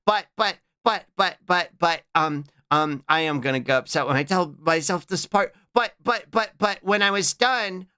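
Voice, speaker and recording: A man hosting a live stream, chatting casually to viewers, halting with repeated fillers and restarts, greeting viewers by name mid-story. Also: on the high side, pushed and bright, smooth. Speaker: livestream host.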